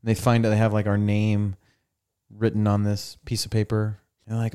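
A man's voice: lowish voice, normal speed, smooth. A young man hosting a podcast, chatting casually and acting out the people in his stories. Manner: animated storyteller, acts out people's lines. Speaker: podcast host. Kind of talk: casual chat. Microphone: studio mic.

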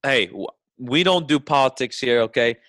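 A man co-hosting a casual podcast chat, delivering wry, deadpan remarks. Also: medium pitch, moderate pace, no echo, clean studio sound. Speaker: podcast co-host.

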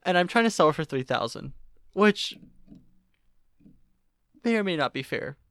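A woman's voice: fairly low pitch, animated, moderate pace, dry recording, studio quality. A woman in her twenties from Oklahoma, co-hosting a podcast in rambling, self-mocking casual chat. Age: 20s. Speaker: podcast co-host.

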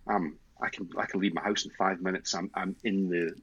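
Deep husky Scottish man, podcast guest. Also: steady tone, brisk, fairly bright tone, highs cut off. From Scotland. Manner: enthusiastic, many restarts and repeated words. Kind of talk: casual interview chat.

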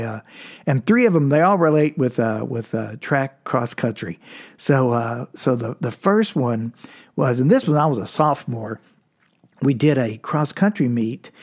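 A man's voice: medium pitch, a little mellow. A man in his sixties from Oklahoma, casually telling a rambling personal story with restarts and cursing. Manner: rambling, frequent restarts and profanity, chuckling.

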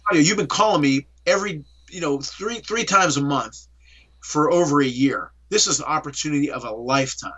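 In this clip, where the highs are cut off, a middle-aged Pittsburgh-area man talks fairly quickly in a slightly high voice. He's an interview guest telling his story with animation and acting out the conversations.

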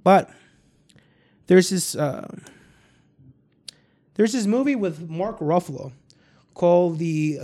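A man's voice: sits high, slow pace, pauses often, dark tone. A man hosting a podcast, telling a story in rambling casual chat, full of restarts and swearing. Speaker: podcast host.

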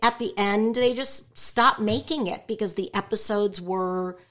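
Outspoken, animated woman voice actress. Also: mid-range voice, a little slow. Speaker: voice actress and stand-up comedian guest. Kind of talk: candid interview chat.

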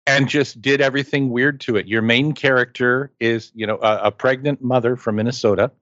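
A man's voice: mid-range voice, fairly even intonation, a little fast, a bit bright, dry recording. A man in casual conversation, talking through his picks with enthusiasm and playful asides. His voice sits in a middle register. The recording is dry and a little dull, with no room sound. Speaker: podcast co-host. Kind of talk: casual movie chat.

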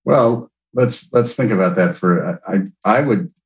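Deep-voiced thoughtful man guest. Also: a little slow, rough recording. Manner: thoughtful, hesitant, many "uh"s. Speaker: podcast guest, music producer. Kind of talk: casual interview chat.

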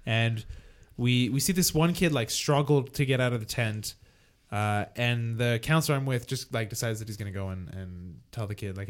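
A mid-pitched man tells a story in casual podcast chat. His delivery wanders, full of fillers and restarts. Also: normal speed. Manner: rambling, filler-heavy anecdotes.

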